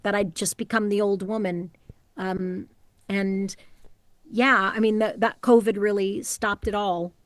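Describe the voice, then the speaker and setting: Woman, middle-aged voice actor, animated storyteller, casual interview, dry close sound, home booth. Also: medium pitch, unhurried, no echo. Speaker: voice actor guest.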